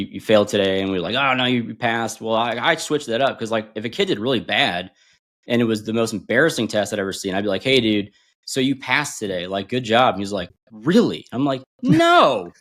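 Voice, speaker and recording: A man in his forties, a podcast guest and former bomb disposal instructor, telling stories in a casual, animated way and acting out quotes. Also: fast. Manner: animated, acts out quotes with big pitch jumps and laughs. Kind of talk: casual storytelling.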